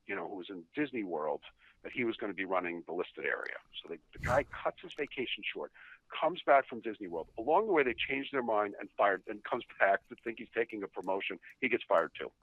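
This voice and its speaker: Podcast guest, low lively voice, chatty and profane, dry tinny phone line. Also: male voice, fairly quick, slightly rough, no echo. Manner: chatty, profane, laughing at own stories. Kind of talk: casual storytelling.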